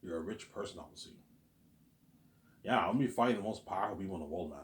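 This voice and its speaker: A man's voice: deep voice, quick pace, pauses often. A man in a rambling, profane monologue, who often stammers and repeats words. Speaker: vlogger. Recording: echoey room.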